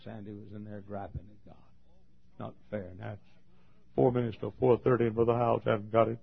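A man preaching a sermon as a pastor, telling a story with emphatic swings between loud and hushed delivery. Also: on the low side, level tone, brisk, gravelly, breathy edge. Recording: dull lo-fi recording.

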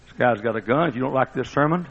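Male preacher, dramatic sermon, gravelly voice, higher pitch, muffled lo-fi recording. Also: lively intonation, fast talker, heavy background noise. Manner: dramatic preaching, booming one moment and hushed the next.

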